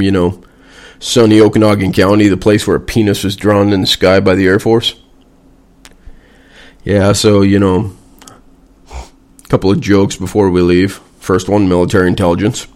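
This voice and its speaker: Blunt, profane man ranting, fairly low voice. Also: steady tone, normal speed, long pauses, darkish tone. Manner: blunt, sarcastic and heavily profane. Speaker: veteran vlogger. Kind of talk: profane casual rant.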